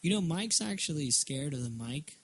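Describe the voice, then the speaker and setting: A man's voice: fairly high pitch, lively intonation, normal speed, slightly rough. Joking young man hosting a podcast. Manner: joking, crude, talks over his co-host. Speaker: podcast co-host. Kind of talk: casual comedic chat.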